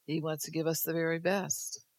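A woman's voice: low-pitched, level tone, moderate pace, a little mellow, dry recording. An older woman preaching at a church service, exhorting the congregation, speaking prophetic words in the first person and adding folksy teasing asides. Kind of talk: sermon.

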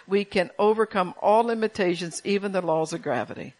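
A woman's voice: medium pitch, fairly quick, hardly any pauses, rough recording. Folksy woman preacher, laughing asides. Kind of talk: sermon.

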